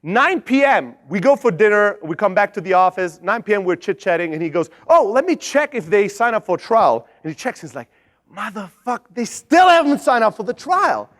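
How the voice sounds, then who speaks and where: A young man speaking at a conference, telling a lively sales story, swearing freely and acting out the other people's lines. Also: high voice, a little fast, few pauses. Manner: animated, swears, acts out quoted voices. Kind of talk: energetic storytelling talk. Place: conference stage.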